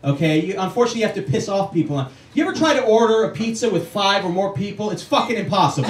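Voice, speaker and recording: A man's voice: high voice, sing-song, fast, hardly any pauses, slight background noise. A man doing a stand-up comedy set in a small club, sarcastic and ranting, swearing often. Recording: roomy club audio from far off.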